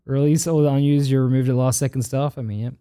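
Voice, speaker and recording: A man's voice: medium pitch, little pitch movement, fast talker, warm tone, smooth. A man with an Australian accent, streaming and chatting casually with his viewers as he reads their messages aloud, blunt and swearing freely. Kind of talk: casual chat reading live chat.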